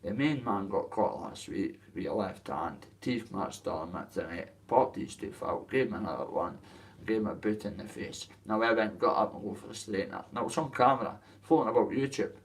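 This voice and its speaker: A man's voice: lowish voice, lively intonation, moderate pace, recorded from a distance. A man with a Dundee Scottish accent, ranting to camera about his boxing, in a coarse, rambling way with plenty of swearing. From Dundee, Scotland. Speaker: boxer telling his story. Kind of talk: casual rant to camera.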